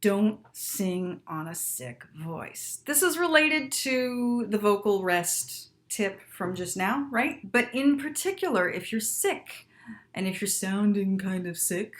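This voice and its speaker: A woman in her thirties teaching singers in a casual video lesson, emphatic and lively, often checking in with "right?". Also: mid-range voice, takes it slowly.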